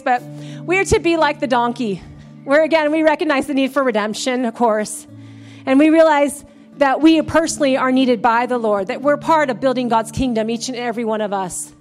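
A woman pastor preaching a sermon in a church, building to fervent, emphatic calls to praise. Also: high-pitched. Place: church sanctuary.

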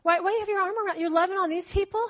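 A woman putting on an overeager male would-be disciple, his voice pitched very high and bright as he gushes breathlessly. He talks in a rush of excitement, and his lines tip over into whining when things fall short. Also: racing. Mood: whiny. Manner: breathless, gushing, whiny when let down.

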